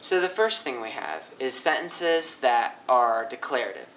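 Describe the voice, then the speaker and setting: A young man teaching linguistics in a casual, upbeat way, often swinging his pitch up and down to demonstrate. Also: very animated, unhurried, a bit bright, slight background noise, rough recording. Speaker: language teacher. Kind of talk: casual educational explainer.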